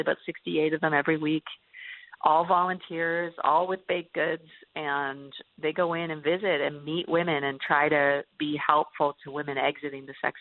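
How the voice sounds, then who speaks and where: A woman telling a story as an interview guest, laughing and acting out voices. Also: low-pitched. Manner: lively, laughing, acts out voices in quotes. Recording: tinny phone-like line, dry.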